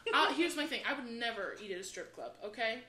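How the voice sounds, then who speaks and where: A woman co-hosting a comedy podcast, telling stories in an animated, profane way and acting out the voices of people in them. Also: on the high side, quick pace, crowd noise. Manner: animated, swears constantly, acts out voices. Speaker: podcast co-host. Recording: roomy echo with faint background hiss.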